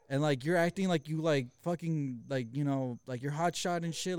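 A man's voice: a little high, clear, resonant tone, no room sound. Profane young man telling a story. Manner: fast, profane, retells with quoted voices. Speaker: podcast co-host. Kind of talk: casual storytelling chat.

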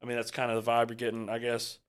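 A man's voice: medium pitch, completely flat delivery, clean tone. Rambling man hosting a movie chat. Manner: rambling, halting, many fillers and restarts. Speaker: host leading a movie reaction. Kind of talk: casual chat.

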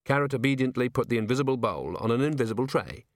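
A man narrating an audiobook in an expressive storytelling manner. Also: mid-range voice, quick pace, no room sound, studio quality. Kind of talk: scripted narration.

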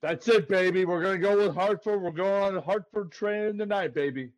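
A man with a very high, bright voice talks up his sports bet in a brash, playful way. He is a co-host on a betting podcast and keeps throwing in "baby" as he hypes himself up. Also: a little fast, low-quality recording. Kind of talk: hyped-up betting picks chat.

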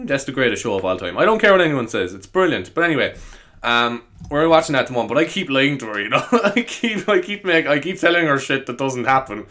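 A man in his young adult years talks alone into his podcast mic. He rambles off topic, mocks himself and laughs at his own jokes. His pitch is lively and swings widely. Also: quick pace. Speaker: podcast host. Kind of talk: casual solo podcast chat.

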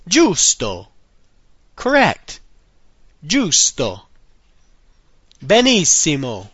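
Slow, lively-pitched language teacher, man. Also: dry recording, dull audio. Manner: slow, clear repetition drills with occasional dry asides. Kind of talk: recorded language lesson.

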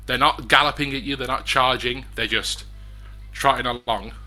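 A very bright-voiced man narrates a tabletop western game as its game master. He is chatty and laughs easily, often stumbling into restarts. Soft music plays behind him. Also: mid-range voice, steady tone, moderate pace.

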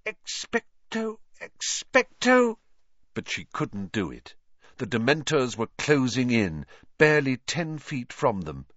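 Slow, expressive male storyteller. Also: medium pitch, no echo, muffled recording. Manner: slow, dramatic, expressive narration. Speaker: narrator. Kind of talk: storybook reading.

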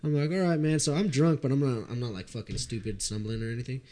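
A young man telling a drinking story in casual chat, animated and profane, often laughing. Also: mid-range voice, quick pace.

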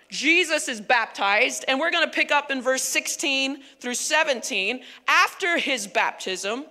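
Woman pastor, high voice, very bright tone, lively conversational sermon, long hall reverb. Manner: animated, emphatic, conversational.

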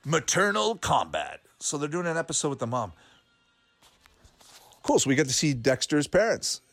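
A man's voice: fairly high pitch, big pitch swings, normal speed, a bit bright, no echo, soft background music. A man chatting casually while watching a cartoon, laughing often and thinking aloud with fillers. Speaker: cartoon reaction commentator. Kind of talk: casual watch-along commentary.

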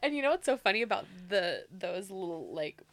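A woman's voice: mid-range voice, sing-song, a little fast, no room sound. A young woman hosting a casual chat, talking loosely with lots of fillers and laughing often. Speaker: podcast co-host.

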